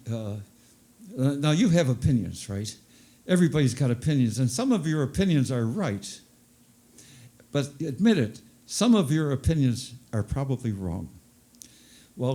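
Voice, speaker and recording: A man's voice: medium pitch, mellow. An older man performing a stand-up comedy routine, self-deprecating and fond of repeating his punchlines for effect.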